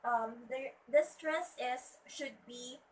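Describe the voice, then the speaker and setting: A young Filipino woman leads a classroom lesson in a slightly high voice. She hesitates often and fills the gaps with fillers. The recording catches her from some distance, with faint room noise behind her. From Philippines. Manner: hesitant, many pauses and fillers. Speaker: student teacher giving a demo lesson. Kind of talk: classroom teaching.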